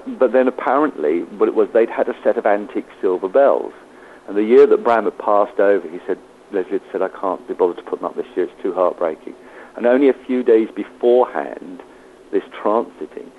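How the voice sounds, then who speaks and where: Male guest, low voice, anecdotal storyteller who voices his quotes. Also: a little fast, phone-quality sound, a little hiss or hum. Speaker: medium. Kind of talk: storytelling interview.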